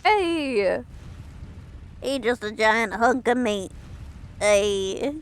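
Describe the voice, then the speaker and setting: A woman's voice: a little high, animated, extremely slow, clean tone. A woman chatting casually while streaming a game, rambling and swearing in self-mocking asides. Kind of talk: casual gameplay stream chat.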